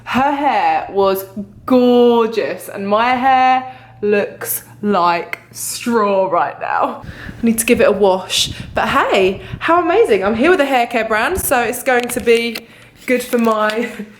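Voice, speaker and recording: A young woman vlogging to a handheld camera, gushing and excitable, often gasping and laughing. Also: fairly high pitch, takes it slowly. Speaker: beauty vlogger. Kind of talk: casual vlog to camera. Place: hotel room and city streets.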